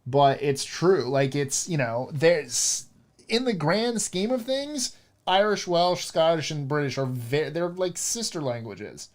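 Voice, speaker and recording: A man's voice: fairly high pitch, animated, slow. A man in casual chat, talking animatedly with lots of fillers and restarts. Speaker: role-playing game player.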